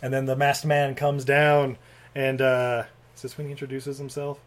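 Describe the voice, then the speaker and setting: A man's voice: mid-range voice, completely flat delivery, moderate pace. A man co-hosting a podcast, recapping a movie in a casual, laid-back way, swearing and laughing often. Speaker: podcast co-host.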